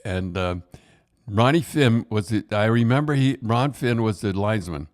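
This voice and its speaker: Brief: older Canadian man, low voice, rambling hockey yarns, lots of restarts. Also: animated, moderate pace. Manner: rambling, repeats and restarts, says "eh". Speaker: podcast host. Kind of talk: casual hockey storytelling.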